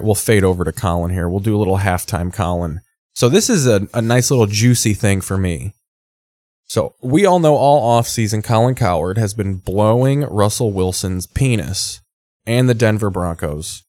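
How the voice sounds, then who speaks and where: Casual male host, low voice, sarcastic and swearing, dry close sound. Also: darkish tone, no room sound. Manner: sarcastic, rambling, swears freely. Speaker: host reacting to football broadcast clips. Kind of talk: casual profane commentary.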